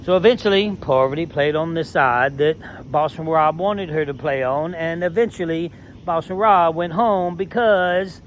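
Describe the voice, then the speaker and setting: A man with a somewhat high voice, talking in a casual, heated rant. He is emphatic and swears freely. A faint noise hums behind him. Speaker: former reality show contestant.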